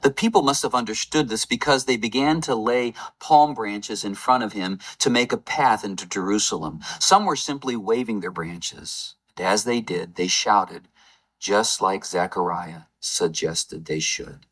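A man preaching a Palm Sunday sermon, retelling scripture as a lively story with playful game-show asides. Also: on the low side, a little slow, husky. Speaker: lay preacher.

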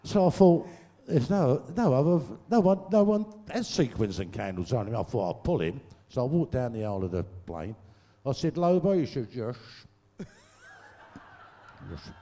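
An older man with a mellow voice of medium pitch tells raunchy, profane anecdotes as a guest storyteller for a live crowd at a large venue. He speaks into a stage mic, breaking into laughter at his own jokes, and the hall sounds echoey.

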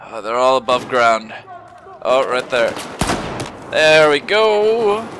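A man's voice: medium pitch, slow pace, background noise. A man giving gameplay commentary, muttering to himself and then swearing and yelping at sudden moments. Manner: excitable, swears and yelps at surprises; mutters quietly to himself between outbursts. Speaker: gamer. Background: faint gunfire from the game.

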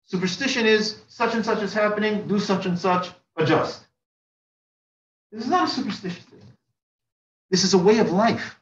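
This rabbi's voice sits high as he teaches a religious class at a moderate pace, pausing often. His style is rhetorical, with stacked repetitions and sharp rises for emphasis, and the sound is dull and roomy from a far-off microphone.

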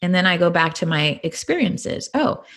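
Her pitch fairly low and her pace moderate, a middle-aged woman from California relates her personal testimony on a podcast where she's a guest, sounding earnest and animated.

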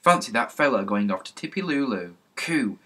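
A man's voice: mid-range voice, very animated, moderate pace, a bit bright. A man voicing a cheeky, polite young telegraph boy in a children's storybook reading. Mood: chirpy. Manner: chirpy, cheeky.

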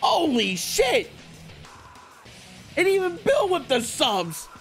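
A young man streaming a video game, reacting live with excited shouts and swearing at each play. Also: very high-pitched, slow, faint music behind. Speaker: gaming streamer.

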